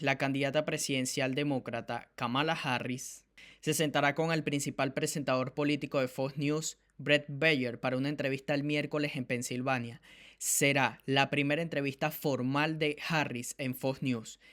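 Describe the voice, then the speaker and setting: A man's voice: medium pitch, steady tone, fairly quick, fairly bright tone. A man hosting an online news channel, addressing viewers directly with emphatic commentary.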